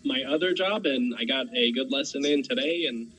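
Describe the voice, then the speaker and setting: A man's voice: medium pitch, moderate pace, a bit bright, husky, low-quality recording. A man chatting as a guest on a live stream, with dry, self-deprecating humor. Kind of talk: casual chat.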